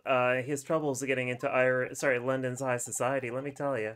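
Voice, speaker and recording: A man's voice: mid-range voice, little pitch movement, fairly quick, fairly bright tone. A man giving casual, chatty commentary while playing a game, reacting freely and swearing. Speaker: let's play streamer.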